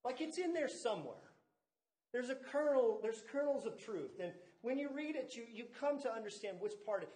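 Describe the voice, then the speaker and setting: A man's voice: very high-pitched, animated, moderate pace, a little mellow. A man preaching a sermon as pastor, teaching and leaning hard on key words, with asides to the congregation. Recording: echoey room.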